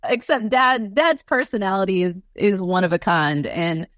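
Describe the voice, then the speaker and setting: Animated woman telling rambling stories. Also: mid-range voice, normal speed, no room sound. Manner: animated, rambling storyteller with many fillers and laughs. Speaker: guest. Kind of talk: casual storytelling interview.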